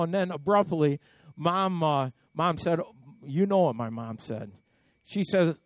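A man with a notably high voice preaches a sermon, telling it like a personal story. He often doubles his words and rises into emphatic swells. The sound is close and dry. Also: measured pace, dry recording. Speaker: pastor.

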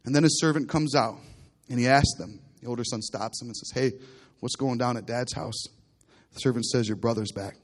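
Here the same kind of preacher moves briskly, his pitch a little high for a male voice. He brings the story to life by playing its characters, dropping to near-whispers one moment and booming the next.

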